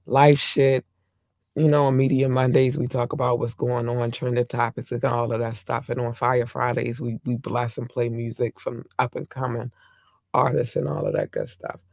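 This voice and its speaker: Hoarse man, gravelly and dry. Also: mid-range voice, normal speed, no echo. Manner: rambling, affectionate shout-outs to listeners. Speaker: podcast host. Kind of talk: casual solo podcast monologue.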